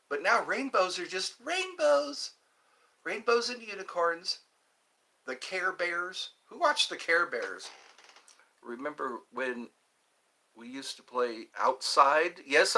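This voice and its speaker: Slow, bright-voiced man, lively pitch. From Georgia, US Deep South. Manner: nostalgic, rambling, talks to chat viewers. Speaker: livestream host. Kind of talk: casual livestream chat.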